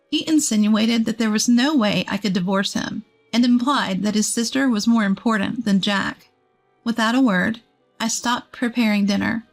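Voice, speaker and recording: A woman, a text-to-speech voice, reading a first-person story as a scripted narration in an even, steady way. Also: mid-range voice, gravelly.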